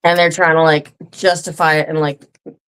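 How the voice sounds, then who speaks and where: A woman's voice: deep voice, level tone, brisk, fairly bright tone, clean tone. A woman co-hosting a podcast, chatting casually and bluntly about a TV episode, swearing freely. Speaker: podcast co-host. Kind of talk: casual recap chat.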